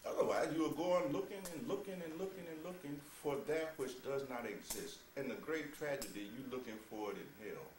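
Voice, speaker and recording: A spiritual teacher preaching to a small gathering, his voice carried from a distance in a roomy space with faint ambience behind him. He drops to low, measured lines, then rises into loud, laughing, mocking outbursts, and keeps asking "you see?" and calling his listeners "beloved.". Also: slight background noise. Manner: playful, mocking asides with laughter. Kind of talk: sermon.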